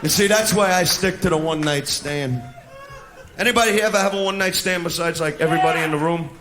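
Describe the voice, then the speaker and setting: A male stand-up comedian doing a crude, brash routine, shouting his punchlines live on stage. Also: a little high, fast talker. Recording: echoey live venue with laughing audience and noise. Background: audience laughter.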